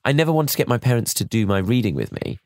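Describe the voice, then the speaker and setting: Posh English-accented male guest: quick, mannered, wry, lower voice, dry close mic. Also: sing-song, vocal fry, darkish tone, no echo. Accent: old-fashioned posh English. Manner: mannered, self-mocking, quick storytelling. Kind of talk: casual chat.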